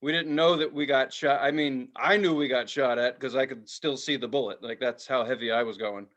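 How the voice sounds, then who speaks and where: A middle-aged man co-hosting a casual podcast chat, telling a story with lively energy. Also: medium pitch, a little fast, lo-fi sound. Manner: animated storyteller, acts out quotes loudly. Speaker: podcast co-host.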